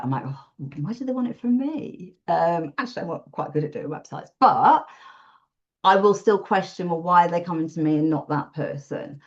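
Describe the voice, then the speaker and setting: In a casual podcast interview, a woman who freelances in WordPress support talks openly about her work, laughing easily and poking fun at herself. Her voice is a little low, and the sound is dull and lo-fi, as on a remote call.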